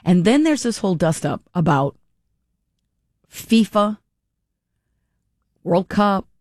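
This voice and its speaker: A woman hosting a call-in talk radio show, chatty and quick to laugh, often breaking off mid-thought. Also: on the low side, darkish tone, no echo, studio quality.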